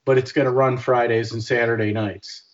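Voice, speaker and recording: A man's voice: medium pitch, steady tone, normal speed, dull audio. A man co-hosting a podcast in casual chat, rambling with many restarts. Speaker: podcast co-host.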